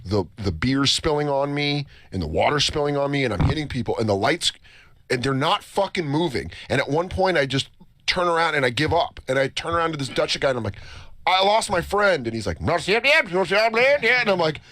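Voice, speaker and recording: A man's voice: mid-range voice, fairly quick, no echo. A man from the United States telling a long, profane story on a talk show, acting out the people in it. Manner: animated, profane, acts out voices in his story. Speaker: show host. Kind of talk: casual storytelling. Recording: faint music behind, radio broadcast.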